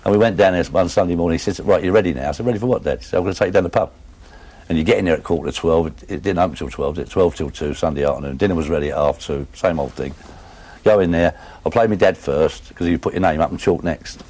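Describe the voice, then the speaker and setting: A man's voice: low-pitched, fast talker, a little mellow. A man with a London Cockney accent, telling rambling stories in casual chat, often adding "you know what I mean". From England. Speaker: former darts player telling stories.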